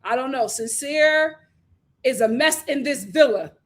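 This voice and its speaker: A woman hosts a casual recap, her voice sitting a little high. She tells the story with lively energy, slipping into quoted voices of the people she describes. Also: measured pace. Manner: animated retelling with quoted voices. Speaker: host. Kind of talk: casual show recap chat.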